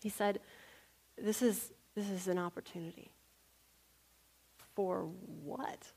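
A woman delivers a sermon built on personal stories, her voice sitting at an ordinary middle pitch. She talks in an animated storytelling way, laughs readily, and sinks to a near whisper when she quotes a prayer. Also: takes it slowly, husky. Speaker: preacher.

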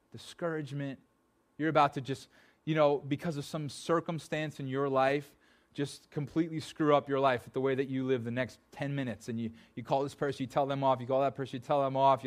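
A man preaching a sermon in church, talking casually and plainly to the congregation, with his voice sometimes dropping soft and pleading. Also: medium pitch, steady tone, normal speed. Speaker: pastor.

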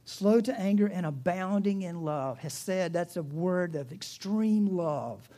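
A man's voice: sits high, expressive, slow pace, dark tone. A man with a Southern US accent preaching a sermon, retelling a story in a chatty, humorous way with asides and restarts. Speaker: pastor.

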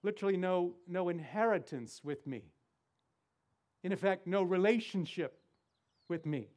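A man preaching a sermon as pastor, with deliberate emphasis and rhetorical questions to the congregation. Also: high-pitched, expressive, darkish tone.

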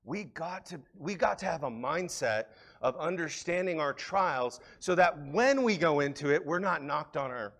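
Guy pastor preaching a sermon in church, kinda high voice, pushes hard then goes soft and close. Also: animated, moderate pace. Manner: earnest preaching, rising to emphatic peaks then dropping to soft, intimate asides. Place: church sanctuary.

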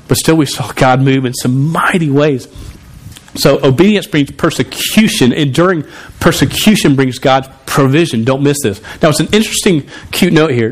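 A man preaching a sermon in a conversational way, often restarting and repeating words. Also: mid-range voice. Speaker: pastor.

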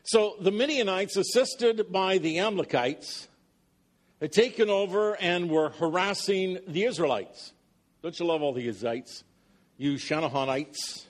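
A man's voice: on the high side, expressive, moderate pace. A man preaching a sermon, reading scripture aloud dramatically and breaking off for jokey, conversational asides to the congregation. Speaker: pastor.

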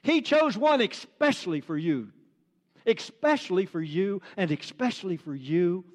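A man's voice: sits high, expressive, unhurried, in a large hall. A man preaching a sermon as pastor, earnest and repeating phrases for emphasis.

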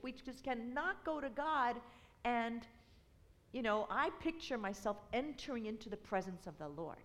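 A woman's voice: a little high, expressive, moderate pace. Woman telling an earnest faith testimony, reverberant. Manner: earnest storytelling, rising to fervent emphasis. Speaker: university outreach representative. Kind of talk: personal testimony.

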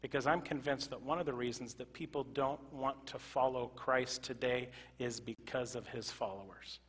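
A male pastor preaching a sermon to his congregation, moving from loud emphatic exclamations to quiet, earnest asides. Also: mid-range voice, breathy edge. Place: church sanctuary. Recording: reverberant church hall.

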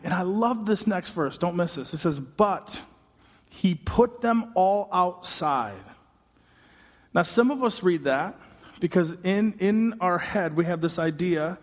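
A man preaching a sermon as a pastor, telling the story in an animated, humorous way with quick asides. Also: a little high. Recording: long hall reverb.

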